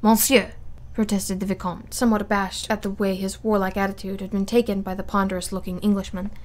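A woman's voice: mid-range voice, flat delivery, quick pace. Woman reading a classic novel aloud. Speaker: audiobook reader.

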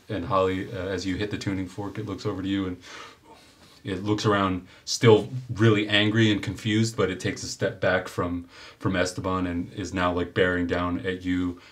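A man running a tabletop game as game master, narrating the scene with lively energy and frequent fillers. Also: low-pitched. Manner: energetic, descriptive, many fillers.

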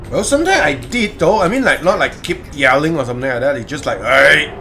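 Bright-voiced man in loose gaming banter. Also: fairly high pitch, big pitch swings, fast talker, a little hiss or hum. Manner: loose, swearing, laughing banter with chat. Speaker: game streamer. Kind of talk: casual live-stream chat while gaming.

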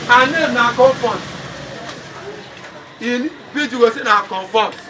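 A man's voice: extremely high pitch, moderate pace, pushed and bright. A man with a Nigerian accent preaching a funeral sermon, mixing English and Pidgin, calling on the congregation to respond. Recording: distant mic with crowd and noise.

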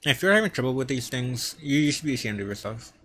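A man's voice: mid-range voice, lively intonation, quick pace, a bit bright. Man, stutter and lisp, mid-range voice, tongue-twister vlog, faint hiss behind. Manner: stutters, repeating sounds and words. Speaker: vlogger. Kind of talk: practicing tongue twisters on camera. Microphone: wearing earphones.

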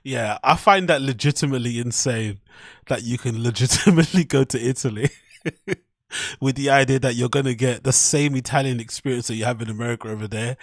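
A man hosting a podcast, reacting to a clip in casual, animated commentary full of swearing and mocking quotes. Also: mid-range voice, breathy edge, no echo, studio quality. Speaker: podcast host reacting to clips.

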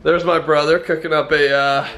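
A young man hosting a casual vlog at home, excitable and a bit nervous, laughing often and calling his viewers guys and dude. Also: fairly high pitch, moderate pace, echoey room. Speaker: YouTuber host. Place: at home, indoors.

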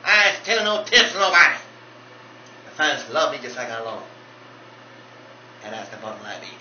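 A man's voice: lowish voice, fairly quick, pushed and bright. A man doing a bossy veteran drag mother. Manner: drawling, calls people darlings. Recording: dull roomy recording with hiss.

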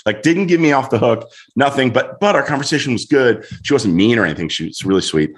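A middle-aged man, a guest on a show, telling a story in an animated way and acting out voices as he goes. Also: medium pitch, normal speed. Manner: lively, acts out voices in his story.

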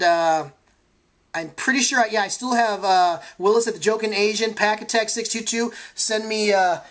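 A woman hosts a sports card giveaway in a casual home vlog. Her voice sits at an ordinary middle pitch, and she talks in an eager, chatty way, full of ums, uhs and quick self-corrections.

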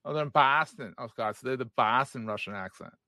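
A man's voice: mid-range voice, a little fast, sharp tone, no echo. A man in his forties hosting a podcast in casual interview chat, joking and laughing at his own quips. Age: 40s. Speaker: podcast host.

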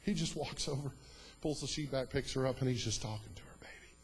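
A man preaching a sermon in a church, telling a story that swings from hushed, quiet lines to loud, emphatic preaching. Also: medium pitch, a little fast, slight background noise, poor audio.

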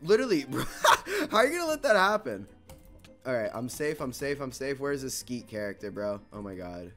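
Bright-voiced young man ranting over gameplay. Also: mid-range voice, sing-song, a little fast, soft background music. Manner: frustrated, swearing, repeats himself. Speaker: gaming video creator. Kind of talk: live gameplay commentary.

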